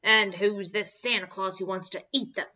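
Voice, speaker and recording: A woman voicing a tiny, brave male gingerbread pirate captain who barks loud, excitable orders. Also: mid-range voice, moderate pace, highs cut off, close to an everyday voice. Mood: wondering.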